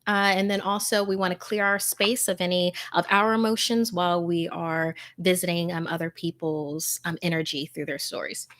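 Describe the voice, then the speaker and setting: A woman hosting a scary story channel, chatting casually and effusively with her viewers in a warm, emotional way full of fillers. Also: fairly low pitch, level tone, normal speed, few pauses, dry recording. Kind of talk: casual livestream chat with viewer shout-outs.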